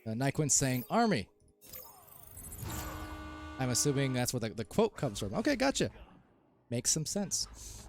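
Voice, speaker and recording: A man casting a live esports match, calling plays quickly and rising to shouts when goals are scored. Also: mid-range voice, faint music behind. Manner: excitable, rises to shouts on goals. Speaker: esports caster. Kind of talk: live play-by-play commentary.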